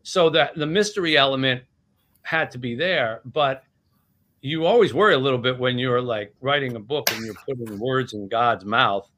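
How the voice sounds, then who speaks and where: A man's voice: medium pitch, normal speed, sharp tone, a little hiss or hum. A man in his sixties, an author talking casually about his book in an interview. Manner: chatty, retelling scenes with voices. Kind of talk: animated storytelling in conversation.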